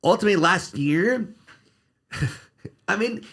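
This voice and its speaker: A man's voice: high-pitched, expressive, slow pace, fairly bright tone. A man who works as a criminal defense attorney, guesting on a podcast and talking bluntly and sarcastically, cursing freely. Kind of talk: casual podcast interview.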